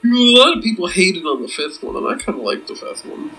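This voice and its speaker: Blunt, sarcastic bright-voiced man. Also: sits high, very animated, fairly quick, slight background noise, rough recording. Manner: blunt, sarcastic, swears freely. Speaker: let's play co-host. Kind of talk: casual post-game chat.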